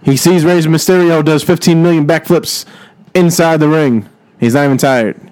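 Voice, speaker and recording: A man's voice: a little high, moderate pace, a little mellow, low-quality recording. A young man improvising a rambling, profane comedy story and laughing along as he tells it.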